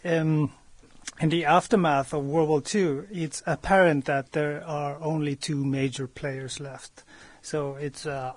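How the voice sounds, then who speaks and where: Halting man explaining history. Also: fairly high pitch, dry recording. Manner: hesitant, many ums and restarts. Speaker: co-host. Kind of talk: casual history discussion.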